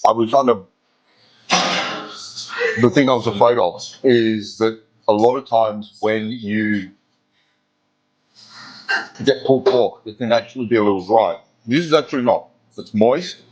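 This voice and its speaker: A low-voiced food vlogger gives a relaxed, casual review of his restaurant meal at a measured pace, pausing often and humming as he savors each bite. The audio from the camera on the table sounds dull, with faint music in the background of the indoor restaurant.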